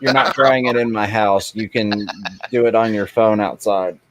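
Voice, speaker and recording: Friendly and talkative, this man runs a live stream with easy casual chatter and a slightly low voice. He laughs often as he talks and tosses in quick apologies. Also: background noise. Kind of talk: casual chat.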